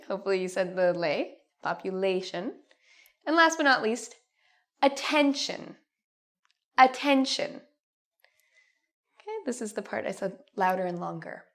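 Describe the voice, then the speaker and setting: A woman teaching a pronunciation lesson, stretching out model words slowly and clearly for learners. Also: medium pitch, a bit bright. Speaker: English teacher.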